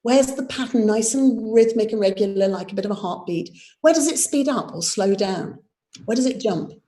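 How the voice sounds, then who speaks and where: A woman's voice: mid-range voice, normal speed, dark tone. A woman, a theatre director leading a live online workshop, explaining verse and tapping out its rhythm aloud. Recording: roomy echo.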